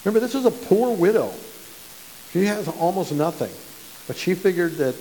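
A man's voice: high-pitched, very animated, moderate pace, pauses often, mellow, a little hiss or hum. Man preaching in an echoey church. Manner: conversational, repeats words, stammers on restarts. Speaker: pastor. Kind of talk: sermon.

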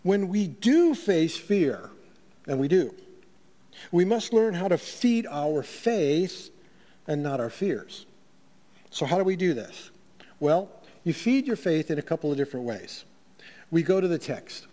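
Giving his weekly sermon, this middle-aged pastor talks in a plain way, using fillers and restarting sentences. His voice is slightly high for a man yet warm, with big pitch swings, a measured pace and frequent pauses, while long reverb follows every phrase.

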